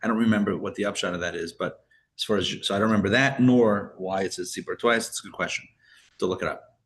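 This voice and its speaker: A man's voice: deep voice, fairly even intonation, fast talker. A man teaching a live Torah class as a rabbi, chatty and full of fillers and restarts, with joking asides.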